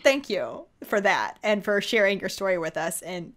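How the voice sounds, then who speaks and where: Brief: mid-pitched woman, lively swooping delivery, gushing co-host in casual chat. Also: normal speed. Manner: animated, gushing and enthusiastic. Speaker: podcast co-host.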